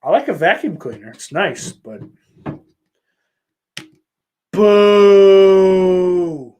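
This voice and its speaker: A man's voice: fairly high pitch, wildly swooping pitch, a little fast, husky, muffled recording. A man from hosting a podcast, rambling in casual chat, with lots of swearing, fillers and restarts. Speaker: podcast host. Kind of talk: casual chat answering viewer questions.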